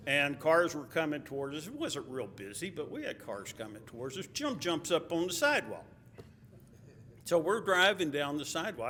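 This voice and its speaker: Speaking at a memorial, a man with a Texas accent laughs softly through a personal anecdote. His voice leans high with a sharp tone, echoing with hall reverb over faint ambient noise.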